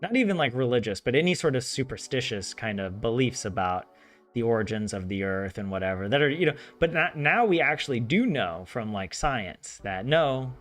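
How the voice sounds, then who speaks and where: A man with a Southern American accent and a medium-pitched voice hosts a vlog on learning a language, keeping a moderate pace. Hailing from the southern United States, he chats and rambles casually, full of "like" fillers and animated asides, with soft game music behind him.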